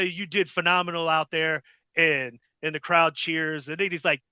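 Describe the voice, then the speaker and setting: Animated man with a bright, sharp voice. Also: on the high side, normal speed, clear, resonant tone, no echo. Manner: animated, repeats words, acts out quotes. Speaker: podcast host, former ring announcer. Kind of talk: casual storytelling.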